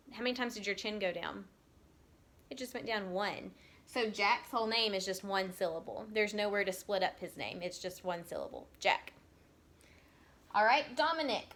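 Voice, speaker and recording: A woman teacher giving a recorded lesson to young children, patiently stretching out words so they can be heard clearly. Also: on the high side, fairly bright tone. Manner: slow, patient, drawn-out sounding of words.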